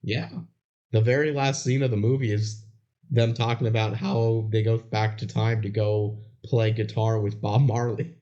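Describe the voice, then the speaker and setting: A man's voice: fairly low pitch, little pitch movement, moderate pace, warm tone. A young man co-hosting a podcast, trading dry jokes in casual chat. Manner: dry, joking banter. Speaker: podcast co-host. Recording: dull lo-fi podcast audio.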